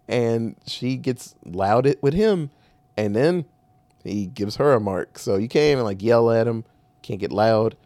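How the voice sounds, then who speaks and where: A man with a lively, swooping delivery that rises and falls a lot as he rambles through a casual recap. He swears freely and corrects himself mid-sentence. The sound is dry and close, with no room echo. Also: medium pitch, a little slow. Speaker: podcast co-host recapping a movie. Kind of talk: casual chat.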